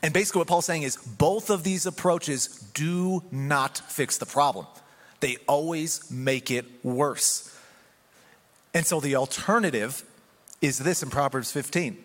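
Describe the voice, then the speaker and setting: Pastor, male, slightly high voice, animated conversational sermon, long hall reverb. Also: a little slow.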